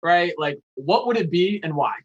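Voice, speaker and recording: A man's voice: high voice, animated, normal speed, lo-fi sound. A man hosting a podcast interview, eager and agreeing, with many fillers as he talks. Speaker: podcast host. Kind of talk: casual interview conversation.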